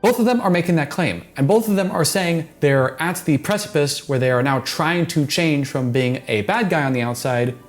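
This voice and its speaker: A man giving casual, earnest commentary on a reality show clip, analytical and quick to restart his sentences. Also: on the high side, soft background music. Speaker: reaction commentator.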